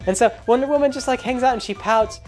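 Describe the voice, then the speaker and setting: A man's voice: very high voice, quick pace, a little mellow, faint music behind. Rambling sarcastic man recapping a movie. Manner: rambling, sarcastic, many fillers. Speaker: vlogger.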